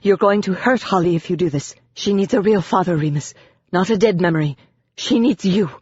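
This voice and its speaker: Elegant coaxing banshee mother with an odd accent read by the narrator, soft and well-bred, lo-fi. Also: mid-range voice, brisk, slightly rough, no room sound, lightly acted. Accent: odd unnamed accent. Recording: dull, dry lo-fi audio.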